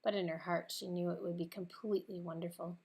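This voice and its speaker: A woman narrating a children's storybook in a clear, expressive read-aloud manner. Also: fairly low pitch, quick pace.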